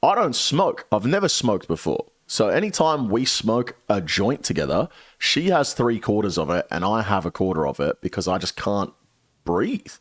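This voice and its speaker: Animated young man telling a story. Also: lowish voice, normal speed, no echo, clean studio sound. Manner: animated, swears a lot. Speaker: streamer. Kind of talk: casual storytelling.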